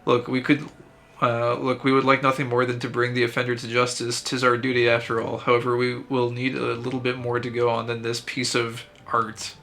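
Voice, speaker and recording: Brief: man voicing a formal city guard officer, bright, level delivery. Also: medium pitch, completely flat delivery, vocal fry. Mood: officious. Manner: formal, slightly halting read-aloud.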